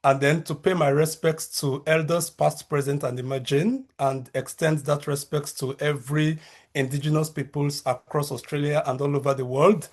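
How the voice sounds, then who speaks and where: A man in his thirties with a Nigerian accent, a researcher and lecturer giving a measured conference talk over a video call, with frequent fillers and restarts. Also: fairly high pitch, flat delivery.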